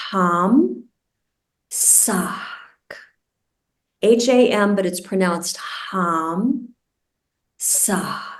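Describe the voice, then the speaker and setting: A woman meditation teacher guiding a group through a breathing practice, speaking slowly and deliberately, over a video call. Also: medium pitch, dark tone. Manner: slow, deliberate, soothing instruction. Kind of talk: guided meditation instruction. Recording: roomy and distant from the mic.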